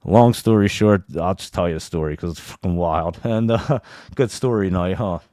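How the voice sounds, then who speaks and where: A man hosting a live show, telling a wild story in a casual, profane, animated way and laughing as he goes. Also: deep voice, moderate pace, no echo, clean studio sound.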